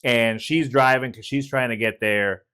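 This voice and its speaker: A man's voice: medium pitch, fairly even intonation, moderate pace, pushed and bright, smooth. Male co-host, laid-back movie review chat, retells plot in a conversational way. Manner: retells scenes with quoted voices, frequent swearing. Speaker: podcast co-host.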